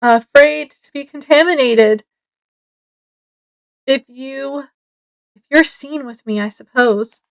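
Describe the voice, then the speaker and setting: A stung, defensive schoolgirl lashes out as a woman reads her part aloud. The voice sits high and moves slowly, with small stumbles along the way. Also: rough recording. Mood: bitter. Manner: read aloud haltingly.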